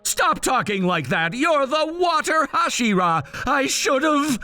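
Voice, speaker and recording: A man's voice: fairly high pitch, big pitch swings, takes it slowly, a bit bright, faint music behind, heavily acted. A man voicing an earnest young male swordsman who calls out urgently. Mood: distraught.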